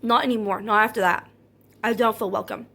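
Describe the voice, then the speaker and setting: A woman vlogger with a fairly high voice speaks directly to her audience in an earnest, personal monologue. She stays calm and measured, never loud, yet an anxious, hurt edge runs through her words, and she circles back to repeat her points. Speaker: content creator.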